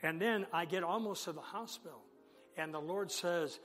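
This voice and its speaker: A pastor delivers an animated sermon story, acting out both sides of the conversations. His voice sits a little high for a man. It rings through a large hall with a long tail of reverb, over faint background music. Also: normal speed.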